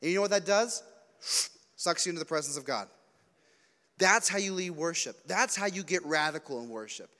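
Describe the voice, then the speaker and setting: A fairly high-voiced man gives a youth sermon in a church hall, and the long reverb trails after each line. He tells stories with lively energy, acts out the quotes and drops in jokey asides. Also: brisk, long pauses. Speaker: youth pastor.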